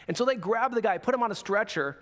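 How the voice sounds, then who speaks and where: A man's voice: high-pitched, lively intonation, fast, fairly bright tone. A young man preaching a sermon as a pastor, telling a story in a casual way and acting out the voices of the people in it.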